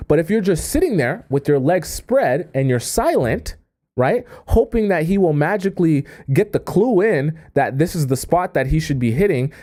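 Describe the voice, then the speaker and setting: Male dating coach, warm and mellow voice, chatty live-stream delivery with constant "okay?" check-ins. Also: fairly high pitch. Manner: conversational, keeps checking in with "okay?" and "right?". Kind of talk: live stream advice talk.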